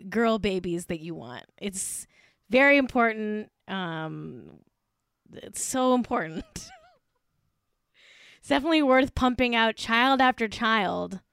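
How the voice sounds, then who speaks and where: A woman's voice: mid-range voice, animated, slow, gravelly, fairly bright tone, clean tone, dry recording, clean studio sound. A woman co-hosting a comedy podcast in casual chat, rambling and gushing with lots of "like"s. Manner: gushing, full of likes, with frequent laughs. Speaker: podcast co-host.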